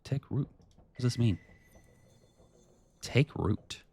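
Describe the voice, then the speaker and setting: A man's voice: takes it slowly, slightly rough. A man streaming a game live, chatting casually with his viewers and reading the game's text aloud. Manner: chatty, greets chat by name, lively pitch.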